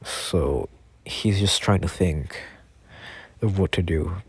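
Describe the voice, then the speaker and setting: A young man improvises a story in a casual, rambling way, leaning on "like" and restarting his sentences. His voice is low and husky, and he talks slowly. The recording is dry, with no room sound. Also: no echo. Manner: rambling, full of "like" fillers and restarts.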